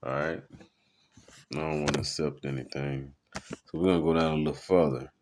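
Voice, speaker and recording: A man's voice: very deep voice, little pitch movement, moderate pace, a little mellow, slight background noise. A man teaching in a loose sermon style, rambling through web articles with many fillers. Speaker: preacher.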